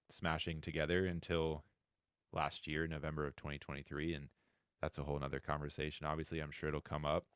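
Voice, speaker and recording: A man's voice: dry recording, studio quality. A man in his thirties from Florida, a coach telling stories as a podcast guest and acting out quoted dialogue. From Florida, USA. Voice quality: very deep, smooth voice. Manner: animated storytelling, acts out quoted dialogue. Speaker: guest, wheelchair handball head coach. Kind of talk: podcast interview storytelling.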